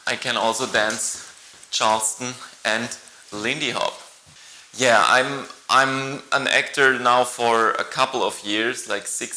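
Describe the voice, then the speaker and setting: A male actor introducing himself to camera, halting and playful, with many pauses. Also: medium pitch, bright, forceful tone, reverberant, slight background noise, low-quality recording.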